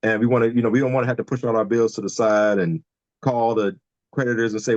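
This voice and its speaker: A man's voice: mid-range voice, fast, a little mellow, no room sound, dull audio. Man venting frankly on a call. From Detroit, Michigan. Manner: candid and fired-up, swears freely, repeats himself when heated. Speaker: podcast guest. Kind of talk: casual chat over video call. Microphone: remote video call.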